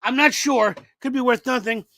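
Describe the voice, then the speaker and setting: A man co-hosting a comedy podcast, excitable and nerdy, cracking crude jokes. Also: extremely high pitch, normal speed, no echo, clean studio sound. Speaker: podcast co-host. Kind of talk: casual comedy podcast chat.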